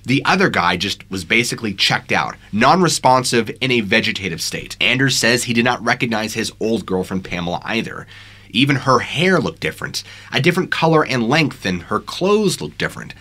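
A man's voice: mid-range voice, animated, brisk, bright, forceful tone. A man narrating scary true stories in a dramatic, suspenseful storytelling manner on a studio microphone.

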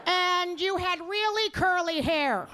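A woman comic voicing a forgetful older mother who speaks slowly and vaguely, heard live in a comedy club. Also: extremely high pitch, sharp tone, voice pushed up, full character voice. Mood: dreamy. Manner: slow, drawn-out, spacey. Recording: live club audience and noise.

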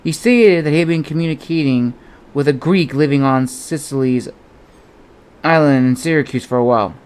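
A man narrating an adventure novel as an audiobook in a steady storytelling manner. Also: on the high side, moderate pace, clean tone.

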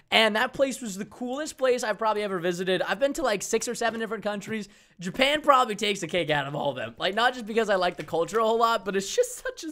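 Excitable young male game streamer. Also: high-pitched. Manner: energetic, excitable, bursts into shouting during fights. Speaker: gaming live streamer. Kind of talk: excited live stream commentary.

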